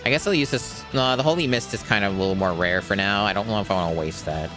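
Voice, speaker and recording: A man's voice: fairly low pitch, quick pace, music in the background. A young man casually commenting while playing a game blind, joking, rambling and swearing now and then. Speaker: blind let's play streamer.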